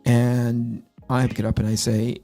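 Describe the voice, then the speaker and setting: A man in his fifties spins loose, self-deprecating anecdotes, doubling back and restarting as he talks. His voice is dark and mellow and sits at a middle pitch. Quiet music plays faintly behind him. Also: little pitch movement, moderate pace. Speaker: comic artist hosting a launch stream. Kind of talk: casual storytelling.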